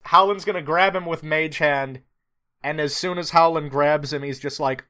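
A man playing a tabletop game, describing his character's actions in an animated way and laughing often, with faint music behind. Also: a little high, moderate pace. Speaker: player. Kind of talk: tabletop role-play.

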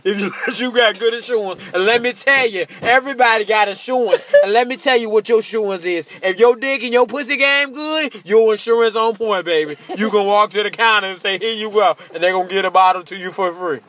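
A brash man riffing through a stand-up bit, cursing freely and laughing at his own jokes. His voice sits high and comes out bright and sharp. Now and then he jumps into a shrill mocking voice. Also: fairly quick, few pauses. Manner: profane, brash, laughs often. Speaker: comedian. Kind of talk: stand-up monologue.

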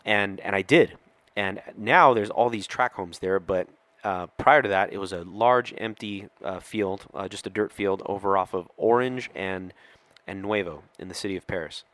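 A middle-aged man with a fairly low voice tells a story on a podcast, acting out every quoted line. The close mic sounds dry, with no room around it. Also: moderate pace, no room sound. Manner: animated storyteller who acts out quoted lines. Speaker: police officer guest telling a story.

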